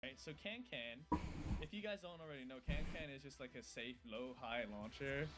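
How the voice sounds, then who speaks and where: A man's voice: medium pitch, a little fast, background noise. A man coaching viewers through a game tutorial, explaining step by step and checking in with "right?". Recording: voice over background music.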